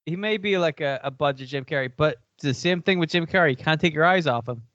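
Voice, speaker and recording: A man with an Irish accent chatting casually as a podcast co-host, rambling in an animated way. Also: a little high, quick pace, dry recording, lo-fi sound. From Ireland. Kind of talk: casual chat.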